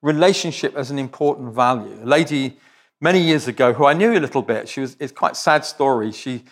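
Speaking fairly quickly in a medium-pitched voice, a man delivers a sermon as a guest speaker, talking directly and conversationally and joking with the congregation along the way.

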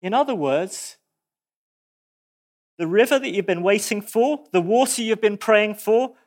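Man, preacher, high-pitched, expressive, dramatic pauses, sermon.

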